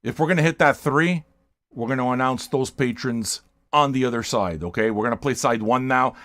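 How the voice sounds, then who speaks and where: Older man, livestream host, brash and profane, loud and excitable, mid-pitched voice. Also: normal speed. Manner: loud, profane, hyped-up, shouting at times. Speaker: music stream host. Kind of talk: livestream chat with viewers.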